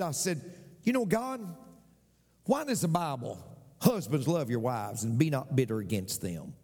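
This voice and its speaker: A man's voice: on the high side, darkish tone, big-room sound. A man preaching a sermon as pastor, repeating phrases and asking the congregation for an amen.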